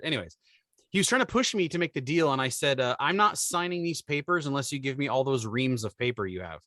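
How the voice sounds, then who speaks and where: Bright-voiced man telling stories. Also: medium pitch, fast, no echo, clean studio sound. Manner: animated storyteller, acts out quoted people. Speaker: podcast co-host. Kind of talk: casual chat.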